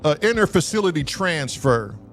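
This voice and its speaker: Animated, profane storytelling man. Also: a little high, moderate pace, faint music behind. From Southern California. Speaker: co-host telling a story. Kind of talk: live casual storytelling.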